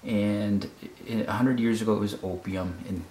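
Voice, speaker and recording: A man's voice: on the low side, fairly even intonation, unhurried, a little mellow. A man from the United States explaining a fashion photo casually, often repeating words and checking in with "okay?". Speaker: photography critic. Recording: roomy echo.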